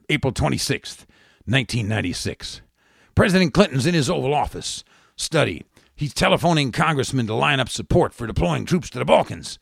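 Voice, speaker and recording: A gravelly, husky man hosts a satirical commentary, his pitch swinging widely as he mocks. His tone is bright and pushing, in a dry, close sound. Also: no room sound. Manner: sardonic, mocking asides. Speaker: talk show host.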